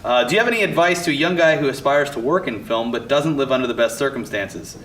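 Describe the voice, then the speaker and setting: A man's voice: expressive, fast talker, a bit bright. A man hosting a casual interview, reading out listener questions and replying briefly. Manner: brief backchannel replies, reads listener questions. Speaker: host. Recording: roomy, off-mic, faint rumble.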